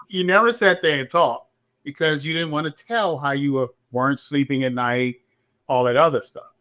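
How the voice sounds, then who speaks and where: A middle-aged man, a police officer and podcast guest, telling his story candidly and animatedly, jumping up in pitch when he acts out what people said. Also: normal speed. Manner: animated, acts out quotes in a higher voice.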